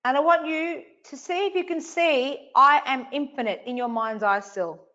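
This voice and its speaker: A woman's voice: sits high, moderate pace, pushed and bright, muffled recording. A woman hosting a live online coaching session, emphatic and repetitive, swearing casually as she speaks to viewers. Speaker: online event host.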